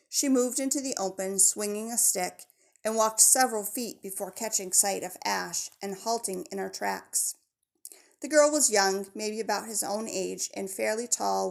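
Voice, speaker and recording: Woman audiobook narrator, mid-range pitch, gravelly edge, measured delivery. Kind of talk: scripted narration of a children's novel.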